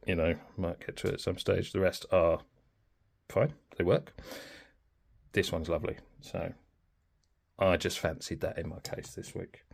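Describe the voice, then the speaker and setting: A man's voice: deep voice, creaky, darkish tone. A man chatting informally and thinking aloud in a casual pen review.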